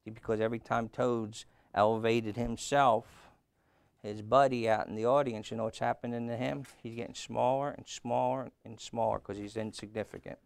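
A man's voice: medium pitch, steady tone, normal speed, gravelly, smooth, no room sound. A man preaching a sermon in an emphatic way, often repeating his phrases.

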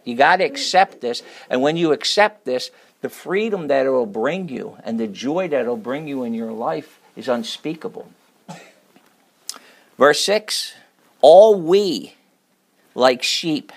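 A man with a medium-pitched voice preaches a sermon, alternating between loud, emphatic scripture reading and hushed, near-whispered lines. He uses repetitive, rhythmic lists.

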